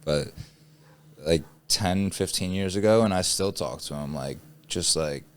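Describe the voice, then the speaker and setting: A man's voice: low voice, unhurried. A man hosting a podcast, talking in a loose, rambling way with casual swearing. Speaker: podcast host. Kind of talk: casual chat.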